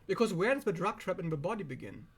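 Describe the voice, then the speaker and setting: Non-native english guy ranting self-help at the camera, high voice jumping all over, swears a lot. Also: fast, husky. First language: not English. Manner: emphatic, profane, animated. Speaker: self-help video host. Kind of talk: direct-to-camera monologue.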